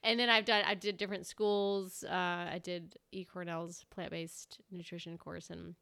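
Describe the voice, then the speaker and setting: A woman's voice: fairly low pitch, little pitch movement, normal speed, vocal fry, sharp tone, clear, resonant tone. A young woman hosting a podcast, chatting casually with lots of fillers and laughs. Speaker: podcast host. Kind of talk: casual chat.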